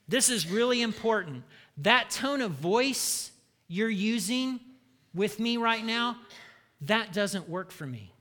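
A male pastor preaching with a bright, ringing tone and a fairly high voice. He is punchy and humorous, and he leads the crowd in call-and-response. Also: expressive, slow. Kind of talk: sermon.

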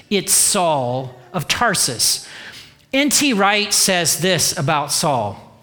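High, bright-voiced pastor preaching. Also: male voice, slow pace. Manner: humorous, animated storytelling with acted-out dialogue. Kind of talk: sermon.

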